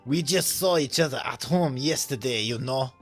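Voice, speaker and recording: A man's voice: medium pitch, normal speed, soft background music, lightly acted. A man reading aloud as an exasperated young man, the master of two cat girls, in a video game. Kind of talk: reading visual novel dialogue and narration.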